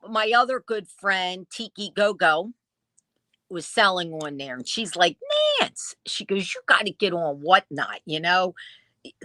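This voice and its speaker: A woman vintage dealer telling stories in a casual interview, acting out what people said with lively quoted dialogue. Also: on the low side, no room sound. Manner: lively storyteller who acts out quoted dialogue. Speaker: vintage dealer and online seller.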